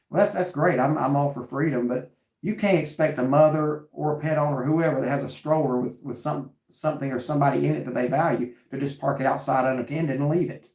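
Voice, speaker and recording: A man's voice: fairly high pitch, darkish tone, roomy sound. A man hosting a casual chat and telling a story earnestly with quoted back-and-forth dialogue. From North Carolina. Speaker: vlog host reading live chat.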